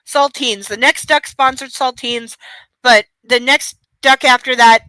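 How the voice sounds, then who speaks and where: A woman's voice: high voice, measured pace, sharp tone, clear, resonant tone, dry recording, poor audio. A woman hosting a live stream book club, chatting sarcastically and playfully. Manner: sarcastic, playful, coos at her dog. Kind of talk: casual live stream chat and reading aloud.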